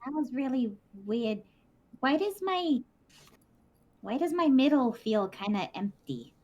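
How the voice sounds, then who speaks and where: A woman's voice: sits high, very animated, slow, warm tone, lo-fi sound. A woman playing a tabletop game, asking curious, puzzled questions. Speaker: player. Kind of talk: casual tabletop play.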